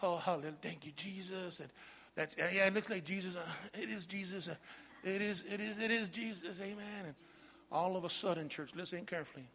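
A man preaching a sermon, calling out to the congregation and building from quiet asides to loud shouts. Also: sits high, fairly quick, big-room sound, a little hiss or hum.

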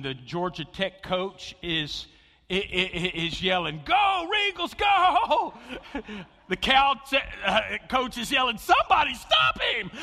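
A man preaching a sermon, telling stories with big swings between loud excitement and hushed intensity. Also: high-pitched. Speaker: pastor. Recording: long hall reverb.

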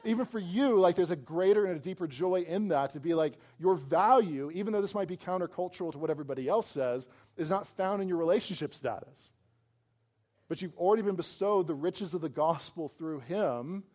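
A man's voice: high voice, fairly quick, a little mellow. A man preaching a sermon in a casual, conversational way, often saying "like" and acting out what people might say. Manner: conversational, full of "like" fillers, acts out quoted voices. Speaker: pastor.

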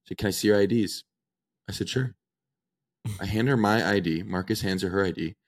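A podcast co-host in his twenties casually tells a story, animatedly acting out the dialogue of the people in it. His voice is lowish and fairly quick.

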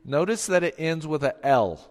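A man's voice: on the high side, lively intonation, moderate pace. A man preaching a sermon as pastor, emphatic, asking rhetorical questions and acting out the quotes he reads. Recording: long hall reverb.

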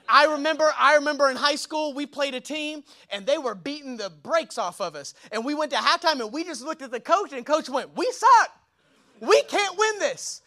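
Young male pastor, high and bright tone, casual slangy sermon delivery, lots of rhetorical questions. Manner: energetic, colloquial preaching with slang and rhetorical questions.

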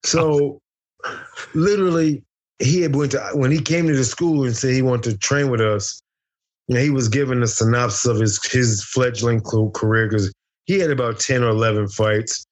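A man's voice: medium pitch, fairly even intonation, moderate pace. Boisterous storytelling man, profane. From United States. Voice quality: boisterous, acts out dialogue. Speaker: interview guest, former fighter.

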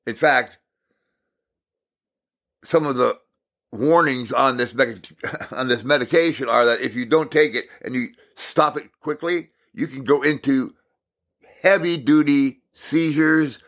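Bright-voiced man telling a story. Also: medium pitch, unhurried, long pauses. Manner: animated storytelling, swinging from loud exasperation to quiet reflection; repeats words for emphasis. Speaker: Christian speaker. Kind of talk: personal devotional talk.

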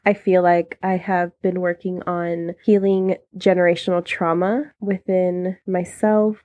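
A woman's voice: lowish voice, mellow, lo-fi sound. Chatty woman turning thirty. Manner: candid and chatty, laughs often. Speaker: podcast host. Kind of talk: casual solo podcast talk.

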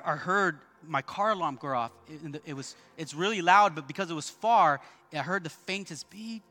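A man's voice: a little high, bright, forceful tone. A male pastor preaching a sermon at a church service, emphatic, repeating key points and calling out to the congregation.

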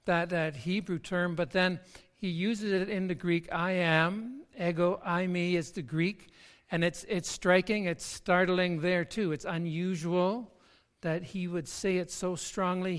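A pastor delivers a sermon at an unhurried, deliberate pace. The delivery is emphatic, with words repeated as each point builds. Long reverb from a church hall trails behind every phrase. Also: medium pitch, fairly bright tone.

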